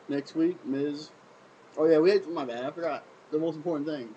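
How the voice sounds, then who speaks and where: A man's voice: on the high side, slight background noise, poor audio. Sarcastic, ranting male wrestling reviewer. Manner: animated, repetitive, sarcastic rhetorical questions. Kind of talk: casual solo video review.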